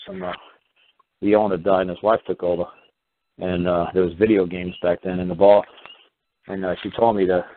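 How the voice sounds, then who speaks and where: A man with a low voice talks quickly and bluntly, spinning rambling stories as the host of a call-in show and swearing freely. The sound is thin and tinny, like a phone line, with a faint hiss underneath. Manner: blunt, rambling storyteller who swears casually. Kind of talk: rambling call-in radio chat.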